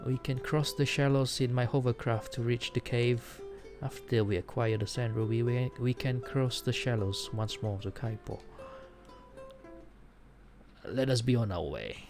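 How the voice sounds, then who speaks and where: A man voicing a grieving young prince from a game, quiet and subdued. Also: mid-range voice, unhurried, over music, natural voice. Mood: sorrowful. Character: grieving young male prince, soft-spoken.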